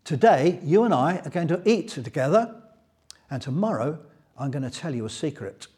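A man's voice: on the high side, very animated, moderate pace, darkish tone. A man voicing an older male prophet in a Bible story retelling, speaking in a playful, teasing way.

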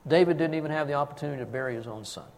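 A man preaching a sermon, telling the story with emphatic swings in loudness. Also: a little high, racing, creaky, slight background noise.

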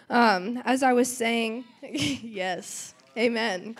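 Teen girl telling her church testimony, kinda high voice, tons of ums and likes. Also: very slow, hardly any pauses. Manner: chatty, lots of "um" and "like", acts out quotes. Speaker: youth testimony speaker.

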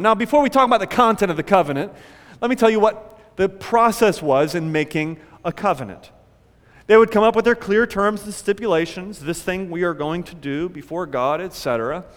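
A male pastor preaching an animated sermon, acting out panicked prayers along the way. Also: sits high, in a large hall.

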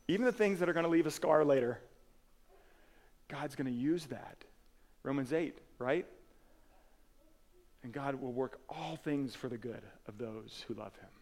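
A man's voice: medium pitch, a little slow, long pauses. A man preaching a sermon as pastor, earnest and conversational, with casual asides and restarts. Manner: earnest, swings from emphatic to soft and quiet.

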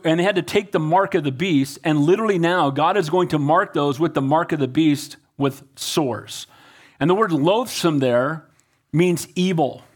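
A pastor preaching to his congregation, his voice sitting a little high for a man. He keeps asking the room questions and doubles back on his words as he makes each point. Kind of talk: sermon.

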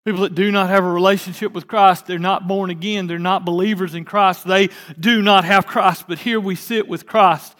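A man preaching a sermon as pastor, swinging between emphatic rising bursts and quiet asides. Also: high voice, fairly even intonation, normal speed, few pauses. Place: church sanctuary.

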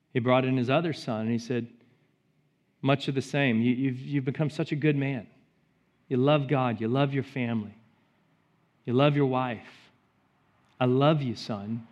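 A man preaching a sermon as pastor, rising to loud emphatic peaks and dropping to soft, hushed storytelling. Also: medium pitch, steady tone, moderate pace, pauses often. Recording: slightly dull sound with faint music behind.

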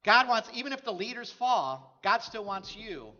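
A man's voice: high voice, sing-song, normal speed, pushed and bright, dull audio. A man preaching a sermon as a pastor, telling stories in a conversational way.

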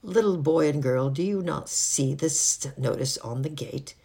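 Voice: mid-range voice, measured pace, gravelly, dark tone. A reader voicing a stiff, posh old lady who scolds two children in a cold voice.

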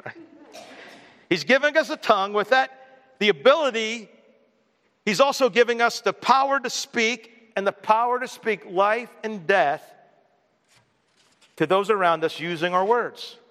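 A man's voice: high voice, a little slow, long pauses, sharp tone, big-room sound. A male pastor preaching a sermon in a conversational way, often putting questions to the congregation.

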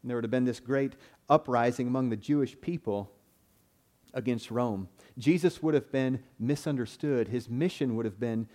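Brief: male pastor mid-sermon, earnest, mellow timbre, stammered restarts. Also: mid-range voice, moderate pace. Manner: earnest, repeats words when starting phrases. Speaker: preacher.

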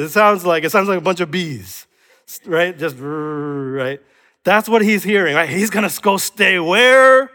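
A man preaching to his congregation in a high, bright voice. He keeps asking rhetorical questions and now and then acts out other people's voices. The sound rings with the long reverb of a large church hall. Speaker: pastor. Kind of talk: sermon.

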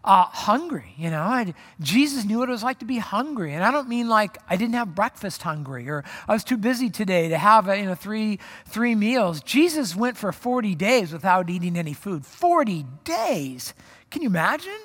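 A man's voice: high-pitched, very animated, moderate pace, fairly bright tone. Conversational male pastor in a reverberant hall. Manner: conversational, acts out quoted voices. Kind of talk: sermon.

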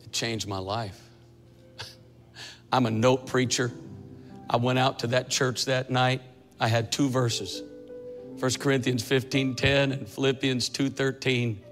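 A man in his sixties preaching a testimony sermon, telling his story dramatically and building to fervent shouting. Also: mid-range voice, fairly even intonation, takes it slowly, long pauses. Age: 60s. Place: church sanctuary. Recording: echoey church hall with faint music.

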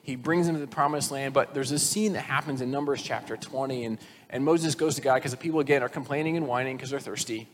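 A male pastor giving a sermon, casual and lively, often slipping into animated retellings. His mid-pitched voice carries a long reverb tail from a large hall. Faint background noise sits under the recording. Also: fast. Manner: conversational, animated storytelling with acted quotes.

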